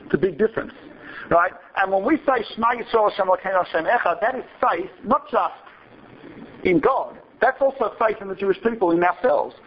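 Man, high voice, talk to an audience, conversational storytelling, muffled lo-fi sound. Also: expressive, normal speed, a little hiss or hum. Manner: conversational, asks "right?" often. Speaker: speaker.

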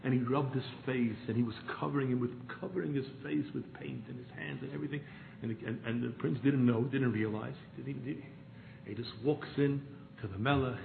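A man telling a parable in a sermon, moving from hushed narration to pleading. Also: mid-range voice, fairly quick, vocal fry, slight background noise. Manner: storytelling, swings from hushed to pleading. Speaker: rabbi. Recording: echoey room over a tinny phone-like line.

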